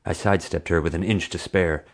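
A man's voice: sits low, steady tone, a little fast. A man narrating a children's adventure audiobook in a dry storytelling manner. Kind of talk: scripted narration.

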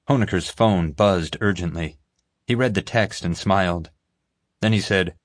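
A man reading a story aloud as an audiobook narrator, steady and clear. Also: deep voice, moderate pace, no echo, clean studio sound. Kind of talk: scripted narration.

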